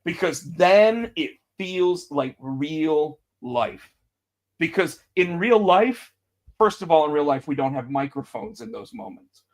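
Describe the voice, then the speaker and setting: A man with a fairly high voice co-hosts a casual podcast and recaps wrestling storylines. He gets animated and acts out the quotes, jumping his voice up sharply. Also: slow pace. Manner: animated, acts out quotes with big pitch jumps. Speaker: podcast co-host.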